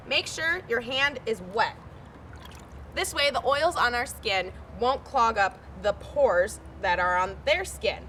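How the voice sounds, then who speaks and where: A young adult woman naturalist presenting a scripted nature lesson outdoors by a pond, clear and enthusiastic. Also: a little high, bright, forceful tone, a little hiss or hum.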